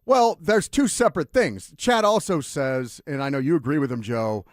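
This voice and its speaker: Man, sports radio host, raised voice, lively swooping pitch, rambling, restarts, dry close studio mic. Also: normal speed, no echo. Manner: animated, rambling, self-interrupting. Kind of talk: casual sports radio debate. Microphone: studio microphone.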